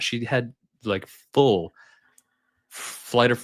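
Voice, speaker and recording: Unhurried and medium in pitch, a man who instructs skydiving shares casual stories on a podcast, recorded in clean studio sound with no echo. He is lively and laughs a lot, performing the voices of people in his anecdotes.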